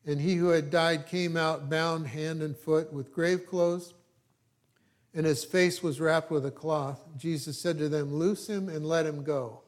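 A man preaching, reading scripture aloud with emphasis and breaking off into quiet, conversational asides. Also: fairly high pitch, steady tone, measured pace.

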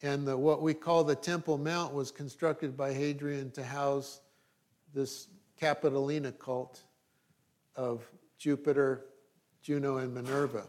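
A man's voice: medium pitch, level tone, a little slow, darkish tone. A middle-aged male pastor preaching a sermon, reading scripture and adding dry joking asides.

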